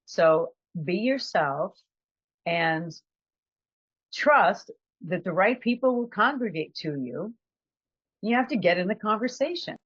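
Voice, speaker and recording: A woman's voice: mid-range voice, animated, slow, pauses often, a bit bright, slightly rough, no echo, dull audio. A woman giving a conversational, reflective motivational talk as a trainer. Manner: conversational, reflective, acts out quotes.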